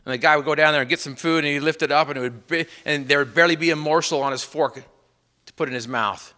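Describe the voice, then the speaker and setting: A man giving a motivational speech to an audience, telling a personal story with repeated refrains and swinging from loud emphatic bursts to hushed lines. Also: a little high, fast. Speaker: motivational speaker.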